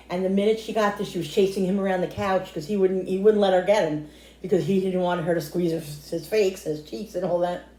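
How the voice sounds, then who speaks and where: A woman's voice: mid-range voice, mellow, reverberant, slight background noise. A middle-aged woman talking casually to viewers while cooking, rambling and emotional, often calling them guys. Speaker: cooking vlogger. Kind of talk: chatty cooking vlog. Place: home kitchen.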